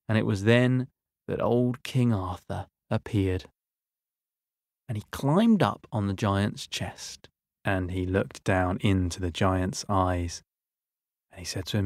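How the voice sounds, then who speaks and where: A man's voice: lowish voice, a little slow, a little mellow, no room sound, studio quality. A man telling a story to children, narrating expressively and speaking to his young listeners.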